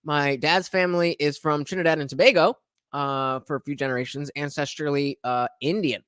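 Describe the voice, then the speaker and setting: A man's voice: on the high side, steady tone, brisk, fairly bright tone, clean tone, no echo, studio quality. An American man hosting a casual commentary, rambling with many filler sounds and restarts. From United States. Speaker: host reacting to clips.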